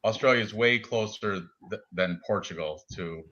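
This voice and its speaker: A man's voice: on the low side, moderate pace, sharp tone, dull audio. A man in his forties chatting casually about fight picks as a podcast co-host, joking and laughing often. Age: 40s. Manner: joking, laughs often, does silly voices.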